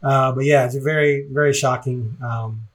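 Speaking at a normal speed, this sports podcast co-host has a mid-range voice with fairly even intonation. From around Portland, Oregon, he rambles reflectively through casual podcast chat, frequently laughing.

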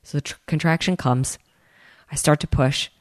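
A woman telling her own story in a casual, animated way, acting out the people she quotes and speaking straight to her listeners. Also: deep voice, moderate pace, no room sound, studio quality. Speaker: host telling a personal story.

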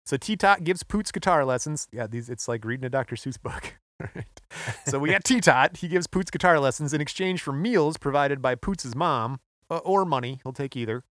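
A man's voice: fairly high pitch, lively intonation, moderate pace, fairly bright tone, dry recording, studio quality. Offhand joking male podcast host. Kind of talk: casual chat.

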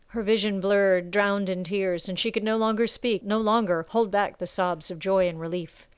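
A woman reading a story aloud in measured, expressive narration. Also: mid-range voice, clean tone, no echo. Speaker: audiobook narrator. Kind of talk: scripted narration.

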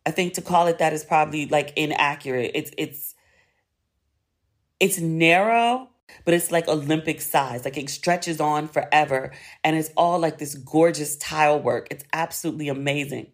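A woman hosting a podcast, telling a story in a chatty, expressive way and swearing freely. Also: low voice, a little fast, hardly any pauses. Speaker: podcast host. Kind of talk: casual storytelling monologue.

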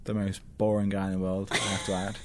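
A man with a Northern English accent and a fairly low voice talks as a guest on a podcast. His manner is laid-back and easygoing, with casual swearing. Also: monotone, fast, noisy background. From England. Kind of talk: casual chat.

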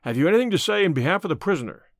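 A man's voice: high-pitched, big pitch swings, very fast, dry recording, clean studio sound. A man voicing a stern, impatient frontier judge, speaking curtly. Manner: curt and impatient.

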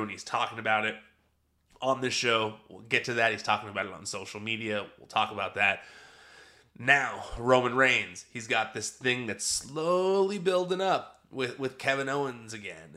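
This is a young man hosting a podcast and walking listeners through a wrestling episode in an easygoing, conversational way. His voice sits at an ordinary male pitch with a bright, forward tone. He chuckles often as he goes. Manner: chatty, laughs often while telling. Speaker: podcast host. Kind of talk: casual wrestling show recap.

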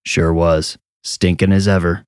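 A man voicing a gruff, seasoned older police officer who gives low, clipped orders. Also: level tone, unhurried, darkish tone, no room sound, clean studio sound. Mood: grim.

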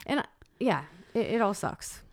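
A woman, co-hosting a casual podcast chat and telling family stories with animated voices. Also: mid-range voice, moderate pace, vocal fry, no room sound. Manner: animated storytelling, acting out her child's voice. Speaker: podcast co-host.

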